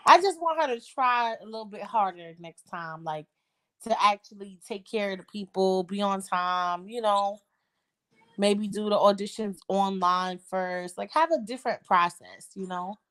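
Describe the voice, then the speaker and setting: A woman's voice: medium pitch, normal speed, fairly bright tone. A young woman chatting casually, agreeing emphatically and swearing freely. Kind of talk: casual chat.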